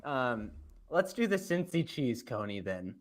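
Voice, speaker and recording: A man's voice: mid-range voice, big pitch swings, a little slow. A man co-hosting a podcast, giving blunt, mocking opinions in a casual food-ranking chat. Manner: emphatic, dismissive, mocking. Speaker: podcast co-host.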